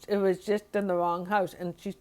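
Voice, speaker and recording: A woman's voice: on the low side, little pitch movement, normal speed, darkish tone, clear, resonant tone. Rambling, emotional woman vlogger. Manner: rambling, emotional, with sighs and laughs. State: upset and overwhelmed. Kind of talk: personal diary vlog.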